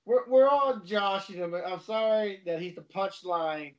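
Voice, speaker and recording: A man co-hosting a podcast, speaking in a halting, defensive way and often breaking off mid-thought. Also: sits high, expressive, highs cut off. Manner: defensive, halting, repeats names. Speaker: podcast co-host. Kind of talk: casual podcast chat.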